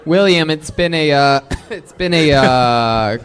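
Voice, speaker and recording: A man's voice: fairly high pitch, expressive, takes it slowly, fairly bright tone, clean tone. Casual male host asking questions. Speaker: show host. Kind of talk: interviewing a comedian.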